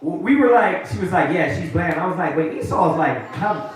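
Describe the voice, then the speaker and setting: Animated man preaching in an echoey room. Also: a little high, moderate pace, distant mic. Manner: animated, mocking voices of others. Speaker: street preacher. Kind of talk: preaching to a group.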